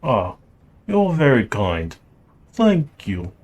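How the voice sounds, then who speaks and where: A man voicing a pleasant, cultured mechanic with a light Russian accent, polite and measured. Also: mid-range voice, huge pitch swings, husky, full character voice. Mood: courteous.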